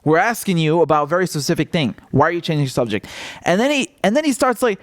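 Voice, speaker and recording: A male political commentator in a casual vlog, talking in a mocking, animated way and laughing often. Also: on the high side, quick pace, dry recording, clean studio sound.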